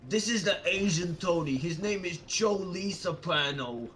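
A man's voice: sits high, lively intonation, measured pace, fairly bright tone, a little hiss or hum. A man streaming a game, joking around with crude banter and laughter. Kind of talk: casual gaming chat with silly put-on voices.

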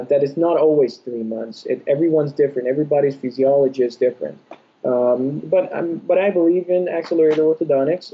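A young adult man, an orthodontist guest, answering podcast interview questions in a measured, explanatory way with frequent pauses. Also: fairly high pitch, husky. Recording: dull lo-fi audio.

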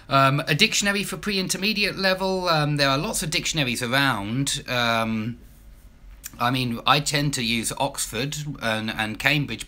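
A man with an Estuary English accent from Essex answers viewers' questions as an English teacher. His voice is bright and forward, and he talks loosely, with frequent ums and restarts. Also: medium pitch. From Southend, Essex, England. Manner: casual, chatty, many ums and restarts. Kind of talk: live Q&A stream.

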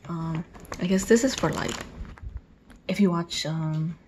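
A woman vlogging an unboxing, gushing with excitement and often dropping into breathy whispered exclamations. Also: on the low side, a little slow, a little hiss or hum. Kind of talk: unboxing video.

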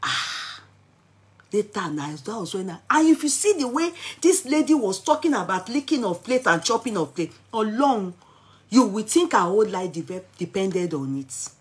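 A middle-aged woman with a Nigerian accent telling a story in a vlog, mixing Pidgin with English and rising into dramatic, excited exclamations. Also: mid-range voice, moderate pace. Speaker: vlogger.

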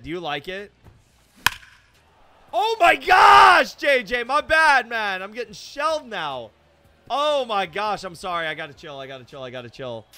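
A high, lively young man talks over his game into a desk mic, his pitch leaping all over as he cheers and groans. He is excitable and hard on himself, breaking into shouts, with clear game noise behind him. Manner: self-deprecating, hard on himself. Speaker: gaming YouTuber. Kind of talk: live gameplay commentary.

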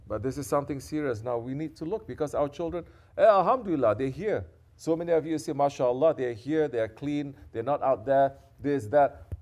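This sheikh's sermon comes in a medium-pitched voice, delivered a little fast. He moves from gentle, private reflection to loud, reproachful exhortation and slips Arabic devotional phrases into his speech.

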